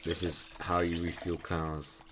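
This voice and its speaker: A man's voice: sits low, level tone, a little slow, background noise. A young man giving casual let's-play commentary, thinking aloud with frequent ums as he plays. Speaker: gameplay commentator.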